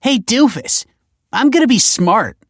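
A man voicing a loud, excitable teenage girl in a storybook reading, with a very high, shrill voice. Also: unhurried, slightly rough, dry recording, clean studio sound, heavily acted. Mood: gleeful.

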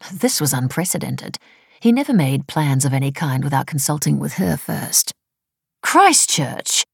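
Low gravelly woman narrating a story. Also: warm tone, no echo, studio quality. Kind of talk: audiobook narration.

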